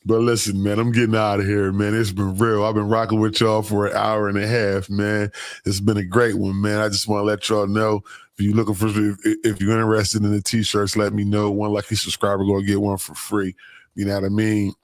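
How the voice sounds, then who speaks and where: A man's voice: on the low side, completely flat delivery, fairly quick, dry recording. Profane, laid-back man hosting a livestream. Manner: profane, laughs a lot, reads comments aloud. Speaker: livestream host. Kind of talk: casual live-stream chat.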